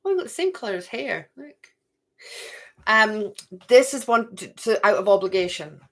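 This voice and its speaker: A woman's voice: medium pitch, sing-song, normal speed. A middle-aged woman giving a live card reading to viewers. She chats, talks to herself and repeats phrases. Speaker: card reader.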